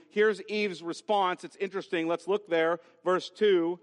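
Pastor, male, high pitch; emphatic Bible teacher who repeats key phrases; church sanctuary with long reverb. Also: fairly even intonation, measured pace. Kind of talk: expository sermon. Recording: long reverb from a large hall.

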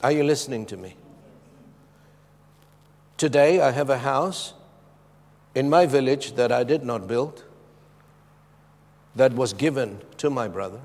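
A man's voice: medium pitch, a little slow, pauses often. Impassioned man preaching in a big hall. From Zimbabwe. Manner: impassioned, swinging from loud emphatic lines to hushed, soft ones. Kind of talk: sermon.

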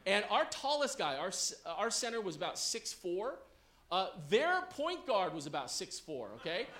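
Male pastor, high bright voice, lively storytelling sermon, roomy church hall sound. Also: moderate pace. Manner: animated, checks in with the audience.

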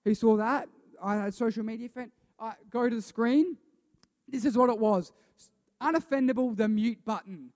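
High-voiced male pastor in a reverberant hall. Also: fairly even intonation, moderate pace, a little mellow. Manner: chatty, repeats himself, asks the congregation questions. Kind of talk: sermon. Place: church hall with a congregation. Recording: long reverb of a church hall.

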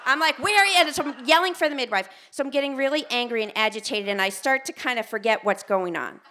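Animated American woman telling a story. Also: fairly high pitch, fast. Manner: animated, self-mocking, acts out quotes. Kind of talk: live storytelling on stage. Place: theater stage before an audience.

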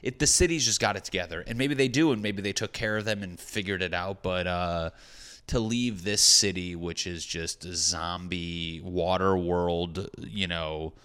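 A man's voice: sits low, moderate pace, sharp tone, clean tone. A young adult man, a stand-up comedian, rambling through a profane, jokey casual monologue to his viewers.

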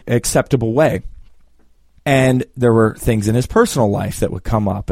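Animated male storyteller, dry close sound. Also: lowish voice, no echo. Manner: animated storyteller, acts out both sides of the dialogue. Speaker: business coach. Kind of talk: storytelling talk.

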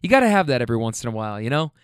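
Racing through his anecdotes, a mid-range male voice recounts comic moments with his rideshare passengers, full of laughter and profanity. The tone is clean, with no echo in the clean studio sound. It's relaxed, lively storytelling.

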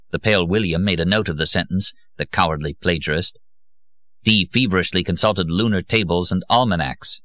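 A man reading an audiobook in an expressive, theatrical way. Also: deep voice, a little fast, no echo. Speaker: audiobook narrator.

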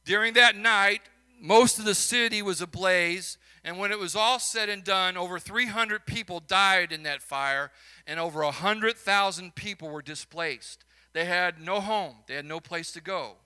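A man's voice: high voice, a little slow, bright, forceful tone, clean tone. A man with a Chicago accent, a minister preaching a sermon and telling stories, building to emphatic peaks between folksy asides.

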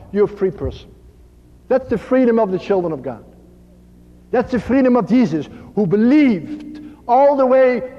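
A man giving a slow, earnest sermon as a priest, dropping to a soft hush on key phrases. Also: high-pitched. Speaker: priest and spiritual speaker. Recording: dull lo-fi archive recording in a reverberant hall.

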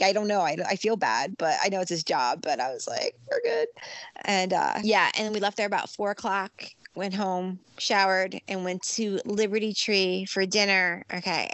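Chatty middle-aged woman telling a story. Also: dry recording. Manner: animated storyteller, acts out quoted lines in a high voice. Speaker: guest recounting a theme park trip. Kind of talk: casual chat.

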